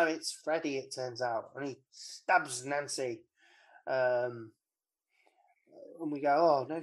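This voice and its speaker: A podcast co-host, casually retelling a film plot in a wry, rambling way with lots of ums. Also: medium pitch. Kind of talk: casual film recap chat.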